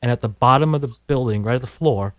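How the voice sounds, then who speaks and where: A man's voice: mid-range voice, fast talker, no room sound. Wry man on a dry mic. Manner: wry, tangents, frequent ums. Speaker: radio engineer, co-host. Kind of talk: casual chat.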